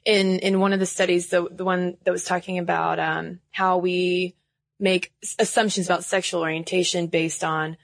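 A woman's voice: fairly low pitch, little pitch movement, normal speed, vocal fry, no room sound. Woman podcast host, dry close sound. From Southern United States. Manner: explanatory, quotes research, laughs easily. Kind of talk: casual podcast chat.

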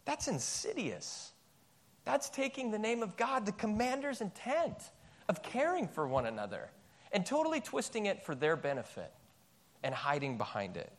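A male pastor preaching a sermon in a church, emphatic and animated, firing off rhetorical questions. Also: high-pitched, normal speed.

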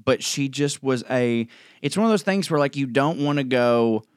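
A man's voice: mid-range voice, animated, normal speed, clean tone, dry recording, clean studio sound. A man co-hosting a comedy podcast in a casual, emphatic, mock-earnest way. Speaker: podcast co-host.

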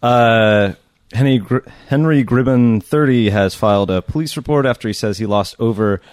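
A man's voice: mid-range voice, a little mellow, dry recording. Dry-sounding man reading a news story. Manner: reads the story out in halting bits, with fillers. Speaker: podcast co-host reading news stories. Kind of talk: comedic podcast banter.

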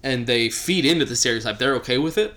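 A man's voice: medium pitch, expressive, fast, bright, forceful tone. A young man from Texas with a Texan accent, co-hosting a casual chat and giving joking, opinionated takes with plenty of fillers. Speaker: podcast co-host.

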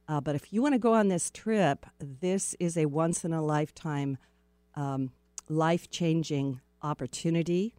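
A woman's voice: low-pitched, darkish tone, no room sound. A woman hosting a listener-supported radio talk show, giving chatty, upbeat announcements in a spiritual tone and speaking directly to her audience.

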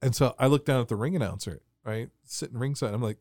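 A man telling a story on a podcast in a casual, animated way, laughing and acting out the voices of people in his anecdotes. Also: mid-range voice, quick pace, no echo, clean studio sound. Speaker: wrestling referee telling a story.

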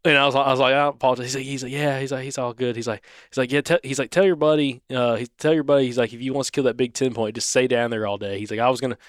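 A man's voice: mid-range voice, steady tone, racing, no room sound, clean studio sound. A man, co-hosting a podcast and telling a hunting story in a rambling, casual way, acting out the dialogue. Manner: rambling, restarts, acts out quoted dialogue. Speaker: podcast co-host.

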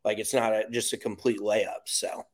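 A man's voice: fairly low pitch, flat delivery, normal speed. An American man co-hosting a golf podcast, talking in casual chat with blunt, profane rants. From United States.

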